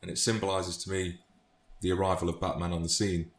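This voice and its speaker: A British book vlogger with a low voice talks briskly in a level tone about his favourite book quotes. He's thoughtful and casual, often restarting phrases. The room sounds echoey, with faint noise.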